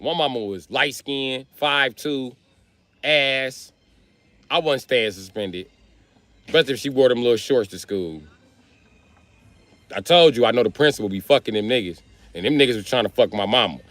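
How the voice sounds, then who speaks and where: A man streaming live, telling profane stand-up stories in a loud, swearing manner. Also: mid-range voice, moderate pace, long pauses, no echo. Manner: loud, animated, swearing freely. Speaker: comedian streamer.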